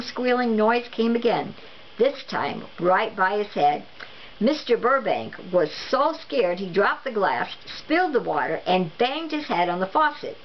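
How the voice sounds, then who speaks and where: A woman reading a children's storybook aloud with even, expressive narration. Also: fairly high pitch. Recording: dull lo-fi recording with faint noise.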